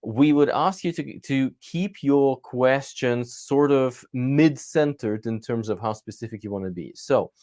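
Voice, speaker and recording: A man co-hosting a live coaching stream, presenting in an energetic, emphatic way with plenty of fillers. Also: mid-range voice, unhurried, few pauses, no room sound, clean studio sound.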